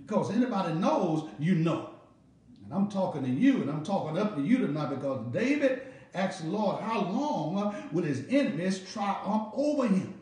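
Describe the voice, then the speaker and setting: A man with a Southern American accent, a pastor preaching a Bible study in an animated call-and-response style with repeated phrases. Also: sits high, moderate pace. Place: church sanctuary. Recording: echoey room, mic at a distance.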